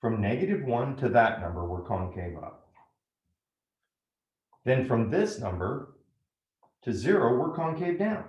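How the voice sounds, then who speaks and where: Man, math teacher, walks through each step, animated delivery, roomy echo. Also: medium pitch, measured pace, long pauses, highs cut off. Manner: step-by-step, asks frequent "right?" checks. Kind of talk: classroom lecture at a whiteboard.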